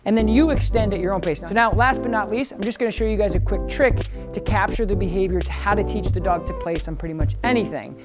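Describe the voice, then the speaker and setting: A woman's voice: mid-range voice, fast talker, few pauses. A woman dog trainer talking through a training demonstration in a casual, explanatory way. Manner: chatty and explanatory, with frequent restarts. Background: background music.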